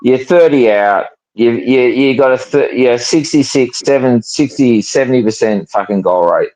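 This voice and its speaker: A man's voice: medium pitch, normal speed, a little mellow, poor audio. An Australian man in a fan panel chat, blunt and swearing, hammering the same point over and over. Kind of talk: heated casual chat.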